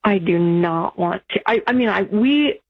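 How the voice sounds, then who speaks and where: A woman's voice: mid-range voice, lively intonation, measured pace, husky. A woman calling in to a radio advice show, explaining her situation earnestly and at length, with many restarts. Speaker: caller. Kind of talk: phone-in conversation. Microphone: telephone. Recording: tinny phone line.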